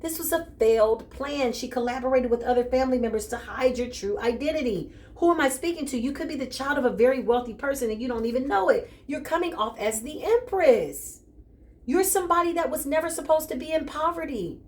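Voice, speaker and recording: A woman giving a casual tarot reading straight to her listener, animated and joking, often calling out "listen" and "okay". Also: sits high, brisk. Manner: animated and joking, with bursts of laughter. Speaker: tarot reader.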